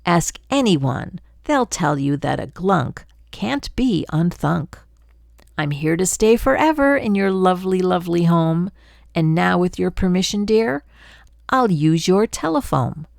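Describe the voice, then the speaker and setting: A woman's voice: lowish voice, expressive, a little slow, creaky, darkish tone, dry recording, clean studio sound. An older woman voicing a chatty, pushy male glunk creature in a storybook read-aloud, sweet-talking and jabbering on.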